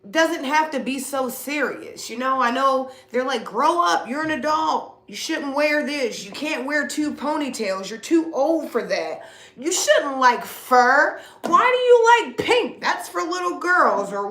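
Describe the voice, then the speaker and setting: Woman, middle-aged, spiritual reader, blunt and preachy, bright tense voice, high-pitched. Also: roomy sound. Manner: blunt, preachy, uses slang and swears. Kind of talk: casual spiritual reading to viewers.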